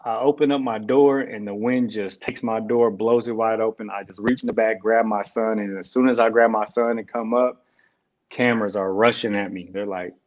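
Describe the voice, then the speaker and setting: A young man, a guest, telling an emotional personal story in a halting, reflective way with restarts. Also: fairly low pitch, steady tone. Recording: dull lo-fi sound.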